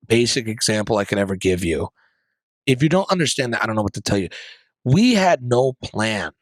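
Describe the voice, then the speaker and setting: A man delivers a heated solo commentary from his studio, firing off rhetorical questions and sarcastic asides. His voice rises and falls with lively swings of pitch. The sound is dry and close, with no room echo. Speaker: podcast host. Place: basement studio.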